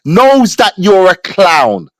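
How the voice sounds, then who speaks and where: A combative man with a very high speaking voice trades insults on a livestream panel, his tone swinging widely up and down as he mocks. The audio is close and completely dry. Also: sing-song, slow pace, fairly bright tone, no echo. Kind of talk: heated live panel argument.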